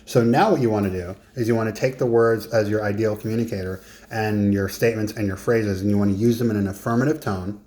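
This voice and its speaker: A man with a somewhat low voice talks through a coaching lesson in a relaxed, conversational way. He leans on his points and throws in self-mocking asides. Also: fast, hardly any pauses. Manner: conversational and emphatic, with joking asides. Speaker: business and life coach. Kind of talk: casual coaching lesson to camera.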